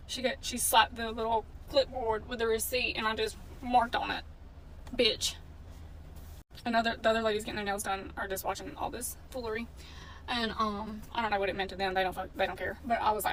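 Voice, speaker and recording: A woman's voice: on the high side, fairly even intonation, a little fast, fairly bright tone. A woman in a casual storytime vlog, telling a story in a blunt, indignant way and swearing freely. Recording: distant mic with faint background noise.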